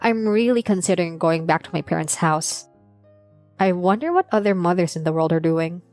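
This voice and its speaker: A young adult woman narrating her own story as a mother, in a plain, steady confessional tone. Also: lowish voice, brisk. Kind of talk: first-person storytelling. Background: faint music.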